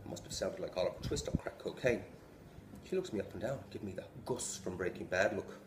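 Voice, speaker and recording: A man from England rehearses a stand-up routine, telling a profane story with animated delivery. His pitch leaps about expressively. The echoey room carries a faint hum. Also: fast talker. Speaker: stand-up comedian.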